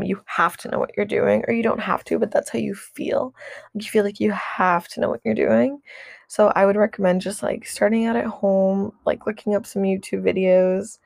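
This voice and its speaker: A young woman vlogger talks casually about her routine, rambling, saying "like" constantly, and restarting often, all candid and with swearing. Her medium-pitched voice has vocal fry, and the studio audio is clean with no echo.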